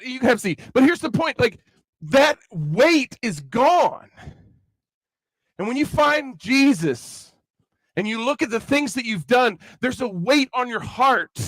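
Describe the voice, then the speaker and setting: A man with a Kentucky accent preaches to young people in a high, bright voice, mixing jokes into the sermon. The sound is dry and close, with no room echo. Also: takes it slowly. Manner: chatty, joking, animated preaching. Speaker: youth rally speaker. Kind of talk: conversational sermon with comic asides.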